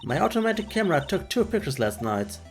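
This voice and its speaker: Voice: medium pitch, very animated, fast, faint music behind, voice pushed up. A streamer voicing a brash female photographer with a put-on Southern drawl, reading game dialogue aloud. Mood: sassy. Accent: American Southern. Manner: folksy, sassy, loud.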